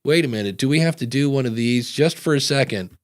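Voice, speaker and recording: A man's voice: medium pitch, expressive, fast talker. Rambling male podcast host. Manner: loose and rambling, many fillers. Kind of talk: casual podcast chat, reading live chat comments.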